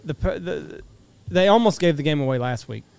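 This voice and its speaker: A man's voice: on the high side, lively intonation, fairly quick, gravelly, a little mellow, clear, resonant tone. A man on a casual sports podcast making confident, brash predictions. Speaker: podcast guest.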